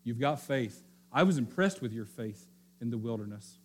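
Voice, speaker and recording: A man's voice: mid-range voice, expressive, slightly rough. A man putting on a sly goading devil. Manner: slow mocking challenge, repeated dares.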